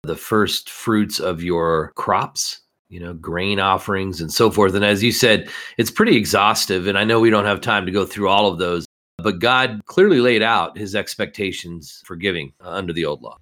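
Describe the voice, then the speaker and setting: A man's voice: low voice, normal speed, a bit bright. A man co-hosting a conversational Bible study discussion, explaining earnestly and reading scripture aloud.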